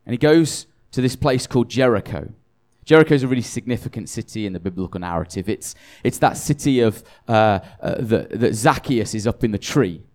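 A man's voice: fairly low pitch, animated, brisk, darkish tone. Tired man preaching a chatty sermon. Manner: self-deprecating, chatty, with frequent restarts. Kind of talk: conversational sermon.

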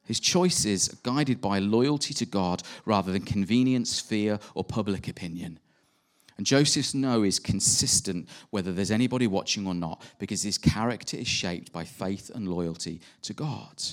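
Guy preaching, chatty sermon, gets animated with rhetorical questions. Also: fairly low pitch, normal speed. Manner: conversational, with animated rhetorical asides.

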